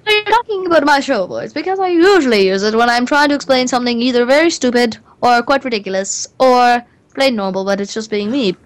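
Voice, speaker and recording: A woman's voice: on the high side, lively intonation, a little fast. A woman chatting as a guest on a casual show, playful and a bit scattered. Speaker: guest singer. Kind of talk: casual chat.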